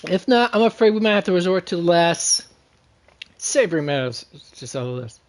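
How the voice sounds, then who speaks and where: A man's voice: high-pitched, big pitch swings, normal speed. A man voicing a pushy, rude thug boss with a brusque, threatening manner. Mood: menacing.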